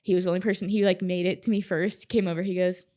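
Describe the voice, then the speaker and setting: A woman talking as a podcast guest in casual chat, telling her story in an animated way, swearing freely and laughing often. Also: lowish voice, quick pace.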